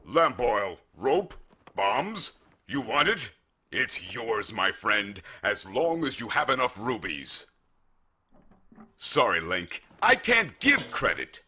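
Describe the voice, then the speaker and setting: A man voicing a slow-talking male merchant selling lamp oil and bombs in a 1990s game cutscene, with a husky, drawn-out delivery. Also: mid-range voice, sing-song, sharp tone, a little hiss or hum, exaggerated voice. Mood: salesy.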